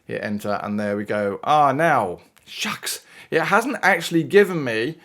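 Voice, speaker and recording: A man with a British accent talks through maths problems as a teacher. He keeps it chatty and playful, tossing in little exclamations and asides. His voice sits at a middle pitch but swings widely up and down. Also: animated, measured pace, fairly bright tone. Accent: British English. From United Kingdom. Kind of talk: worked-example maths lesson.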